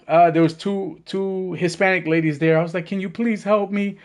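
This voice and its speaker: A man's voice: fairly high pitch, steady tone, fairly quick, hardly any pauses. A young man, telling a story on a gaming stream in casual, profane talk and acting out the voices in it. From the Bronx, New York.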